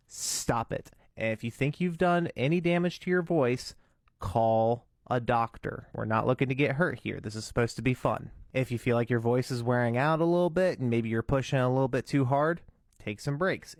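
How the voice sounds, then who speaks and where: A man's voice: mid-range voice, no echo, clean studio sound. A man giving a casual step-by-step tutorial, earnest and cautious in how he explains. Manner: earnest, cautious, breaks into demo screams and whispers. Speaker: vocal tutorial maker.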